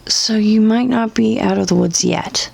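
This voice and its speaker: A woman's voice: mid-range voice, a little slow, creaky, a little mellow, husky. A young woman ranting in blunt, sarcastic, profanity-filled commentary. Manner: sarcastic, blunt, swears constantly. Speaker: commentary vlogger.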